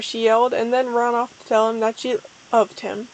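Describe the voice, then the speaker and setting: A woman's voice: on the high side, little pitch movement, moderate pace, rough recording. A woman streamer giving a comedic dramatic reading, stumbling over misspelled words.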